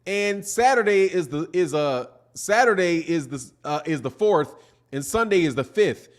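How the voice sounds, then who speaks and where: A man with a somewhat high voice and lively intonation speaks at a measured pace while hosting a live boxing stream. He's laid-back, chatting casually and rambling through viewer comments, and keeps peppering his talk with "man."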